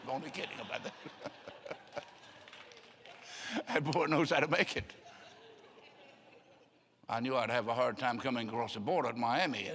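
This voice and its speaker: A man's voice: medium pitch, moderate pace, long pauses, a bit bright. Older male pastor in a reverberant church. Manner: folksy storytelling, acts out voices of people he quotes. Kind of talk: sermon. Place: church sanctuary. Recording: long hall reverb.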